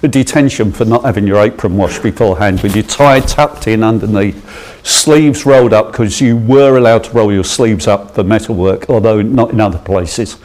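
A man's voice: lowish voice, moderate pace, darkish tone. A middle-aged man from England giving an informal sermon, telling a school memory with hesitant restarts, chuckles and growing enthusiasm. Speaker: preacher. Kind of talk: anecdotal sermon.

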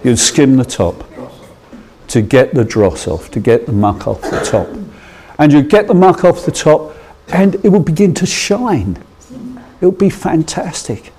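A man's voice: fairly high pitch, animated, unhurried, warm tone, a little hiss or hum. Chatty middle-aged man preaching with anecdotes. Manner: rambling and enthusiastic, with hesitant restarts and chuckles. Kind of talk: anecdotal sermon.

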